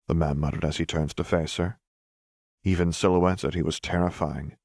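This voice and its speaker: Male narrator, low voice, measured storytelling, dry and close voice-over. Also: level tone, a little mellow, dry recording. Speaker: audiobook narrator. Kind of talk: scripted fan fiction narration.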